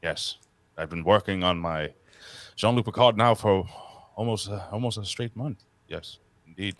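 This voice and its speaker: A man co-hosting a wrestling podcast, talking in an excited, profane, rambling casual way. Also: lowish voice, moderate pace, no echo. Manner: excitable, profane, jumps between topics. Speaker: podcast co-host. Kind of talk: casual chat.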